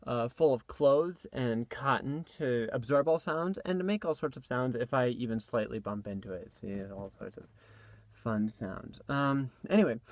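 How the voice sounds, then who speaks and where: Speaking in a mid-range voice on a dry recording, a young voice actor gives a casual behind-the-scenes look at his session. He's using a tablet's built-in mic in a small closet filled with clothes, and his chat is rambling and self-deprecating, crowded with fillers and restarts.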